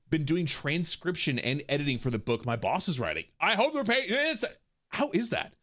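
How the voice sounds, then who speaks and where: Male streamer, upbeat, slightly high voice, chats playfully with his viewers. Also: normal speed. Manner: animated, jokey, talks to chat. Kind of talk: casual livestream chat.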